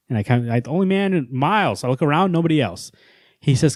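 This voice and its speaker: A man co-hosting a casual comics podcast, talking in a playful, rambling way full of joke stories. His voice sits at an ordinary pitch. The sound is dry and close, with no room echo. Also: fast talker, darkish tone. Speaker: podcast co-host. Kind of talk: casual chat.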